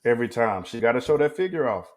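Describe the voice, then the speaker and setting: A man's voice: mid-range voice, lively intonation, fast talker. A man in a casual podcast chat, speaking bluntly and emphatically in slang.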